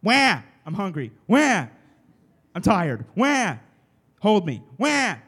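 Loud, high whining baby, put on by a man in a sermon. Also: wildly swooping pitch, slow pace, husky, full character voice. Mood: whiny. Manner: loud wailing demands. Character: crying hungry baby making demands.

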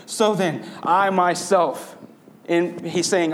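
Earnest man preaching in a slightly higher voice. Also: normal speed. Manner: earnest, conversational preaching with rhetorical questions. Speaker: pastor. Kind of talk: sermon.

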